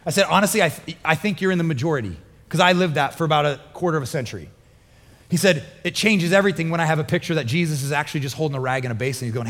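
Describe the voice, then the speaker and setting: A pastor preaching a sermon in an earnest, conversational way, building to emphatic peaks. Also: male voice, on the high side, animated, rapid-fire. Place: large church hall. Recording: long church hall reverb with music behind.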